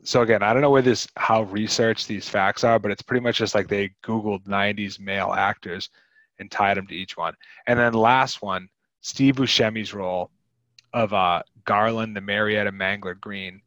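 A man's voice: lowish voice, steady tone, moderate pace, fairly bright tone, dry recording, dull audio. A man hosting a podcast, chatting casually about a film in a rambling, wry way. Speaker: podcast host.

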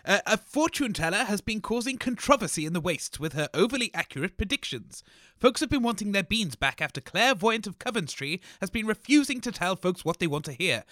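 A man plays a flustered radio co-host in a comedy radio sketch, stammering and exasperated. His high, bright voice swings widely, close and dry. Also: no echo, heavily acted.

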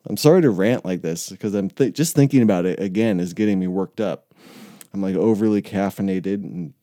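A man's voice: low-pitched, moderate pace, mellow, dry recording, studio quality. A young man in recovery ranting casually, swearing a lot and laughing often as he rambles. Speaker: person in addiction recovery.

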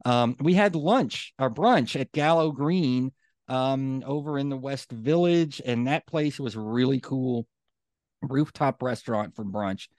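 A man's voice: medium pitch, takes it slowly, a little mellow, no room sound. A man co-hosting a podcast, telling stories casually with plenty of fillers and getting fired up. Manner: chatty storyteller, many fillers, gets fired up. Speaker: podcast co-host. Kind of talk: casual chat.

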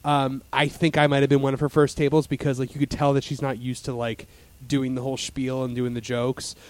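A man's voice: mid-range voice, monotone, brisk, darkish tone. A man in casual chat as a podcast host, rambling with lots of fillers and restarts.

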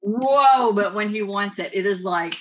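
A woman's voice: mid-range voice, a little slow, fairly bright tone. A woman with a Kentucky accent, chatting as a podcast guest, rambling and laughing often. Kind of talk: casual interview chat.

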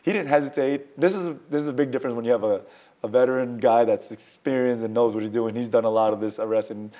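A man telling a story as a guest in a conversation. He talks casually and acts out quoted lines with sudden loud jumps in pitch. He swaps in mild words where he would swear. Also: fast talker. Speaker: guest, firearms trainer.

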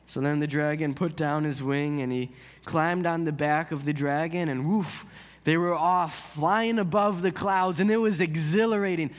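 Earnest high-voiced male pastor. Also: steady tone, normal speed, big-room sound. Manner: earnest, conversational, builds intensity. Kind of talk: sermon with storytelling.

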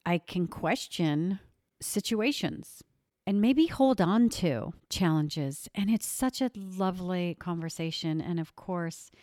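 A middle-aged woman host chatting casually, telling stories with animated restarts and laughs. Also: on the low side, slow pace, dry recording, clean studio sound. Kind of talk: casual chat.

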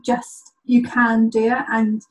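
A woman's voice: on the high side, completely flat delivery, slow, a little hiss or hum, rough recording. A woman, a rally navigator co-hosting a podcast, answering in a thoughtful, casual way. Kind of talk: casual conversational interview.

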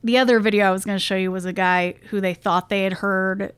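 A woman's voice: medium pitch, fast talker, smooth, no room sound. A woman co-hosting a podcast, telling stories in casual chat with lots of laughter. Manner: animated storytelling, laughs often. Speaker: podcast co-host.

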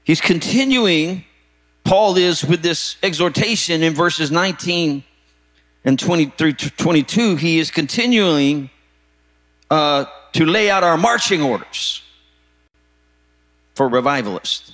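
A pastor preaching a sermon with emphatic, repetitive phrasing that rises to shouted peaks. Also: male voice, fairly high pitch, expressive, measured pace, long pauses. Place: church sanctuary.

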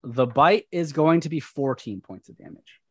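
A man's voice: medium pitch, expressive, moderate pace, husky, no echo. A man running a tabletop role-playing game as game master, narrating the action and explaining the rules. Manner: explains rules aloud while reading.

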